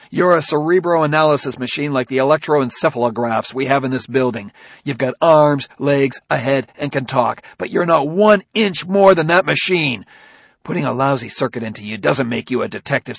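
A man reading a story, voicing an angry, harried police detective who speaks gruffly and loudly. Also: medium pitch, normal speed, dry recording, pitched above the performer's own voice. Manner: gruff, forceful.

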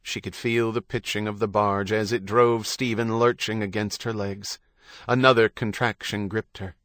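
Reading a novel aloud, this male narrator keeps a measured, steady pace in his fairly low voice. It's scripted audiobook narration, recorded at studio quality with no room sound.

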